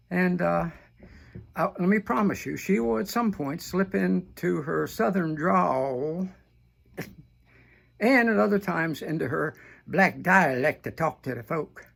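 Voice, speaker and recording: A man's voice: a little high, creaky, husky. An older man giving a scornful, mocking political rant, often repeating himself as he heats up. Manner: scornful, mocking, repeats words when heated. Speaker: political commentator.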